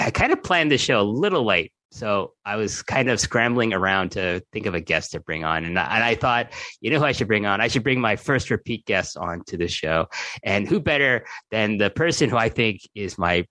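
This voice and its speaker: A man hosting a podcast in a loose, chatty way, full of false starts and snarky swearing. His voice is bright and forward. The recording is dry and close. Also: lowish voice, dry recording. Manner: rambling, snarky, swears freely, many restarts. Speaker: podcast host. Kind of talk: casual podcast chat.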